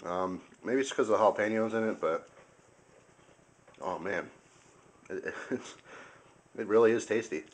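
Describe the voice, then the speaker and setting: Low-voiced man raving about food. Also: measured pace, long pauses. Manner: enthusiastic, chatty, talks with mouth full. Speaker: video host. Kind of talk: casual food review vlog.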